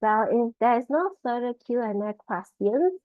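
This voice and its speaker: A woman's voice: a little high, expressive, unhurried, no room sound. A woman leads an online Mandarin lesson, saying each syllable several times to drill its tone. The call audio is dry and close, with a slightly dull, muffled top end. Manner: drills tones by repeating syllables. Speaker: Mandarin trainer. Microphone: video call.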